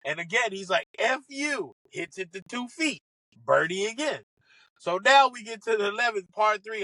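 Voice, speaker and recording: A man telling stories from his caddying days in an animated way, acting out what other people said. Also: high voice, dry recording, poor audio. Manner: fast, excitable, acts out other people's quotes. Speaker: podcast guest, former caddy. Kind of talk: animated storytelling.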